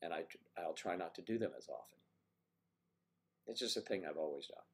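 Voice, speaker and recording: A low-pitched older man chats casually on a live stream and answers viewers one by one. He clears his throat a lot and restarts his sentences. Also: lively intonation. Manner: chatty, halting, frequent throat-clearing.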